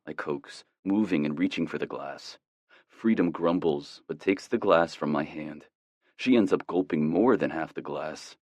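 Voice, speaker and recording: A man giving a calm, tender first-person narration of a romance audiobook. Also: very deep voice, normal speed, no room sound.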